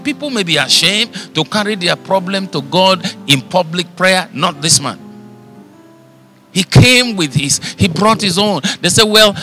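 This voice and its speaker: A fervent male pastor preaches with rising and falling force. His voice sits a little high for a man. Soft music plays faintly underneath. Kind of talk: sermon.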